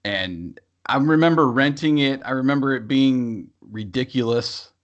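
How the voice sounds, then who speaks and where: A man's voice: mid-range voice, unhurried. A man co-hosting a podcast, chatting casually about movies and rambling through fillers and restarts. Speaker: podcast co-host. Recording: dull lo-fi sound.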